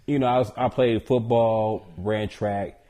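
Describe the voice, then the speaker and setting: A man from Georgia talks as a podcast guest, casual and slangy, joking as he tells his story. His voice sits on the low side for a man. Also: fairly even intonation, unhurried, mellow, slight background noise.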